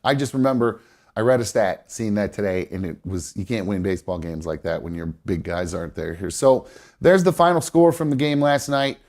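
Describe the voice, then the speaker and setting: His nose stuffed up, a man hosting a live show talks baseball in a loose, rambling way, often using fillers and correcting himself. The voice is on the low side, fairly quick, and a little mellow.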